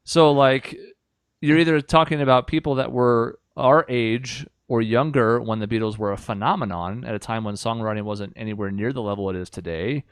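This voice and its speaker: A man's voice: medium pitch, fairly even intonation, moderate pace, smooth, no echo. A young man co-hosting a podcast, making opinionated points in an articulate, mock-exasperated casual way. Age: young adult. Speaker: podcast co-host. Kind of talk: casual chat.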